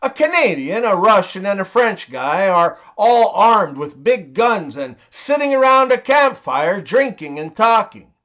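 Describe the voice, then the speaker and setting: A man in his forties narrating a string of jokes in an unhurried way. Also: sits high, very animated, fairly bright tone. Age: 40s. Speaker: joke teller. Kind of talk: narrated joke compilation.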